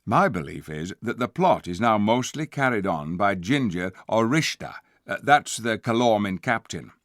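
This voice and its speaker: A male narrator reads a fantasy novel aloud with a lowish voice. His delivery rises and falls a great deal as he moves between the narration and the characters. The recording is close and dry. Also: moderate pace, no echo. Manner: lively, shifts pitch and loudness for each character. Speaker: audiobook narrator. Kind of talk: audiobook reading with character voices.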